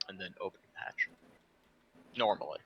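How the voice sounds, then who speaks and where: A man's voice: low voice, big pitch swings, a little slow, dull audio, a little hiss or hum. A man playing a tabletop game in casual chat, joking and laughing often. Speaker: player.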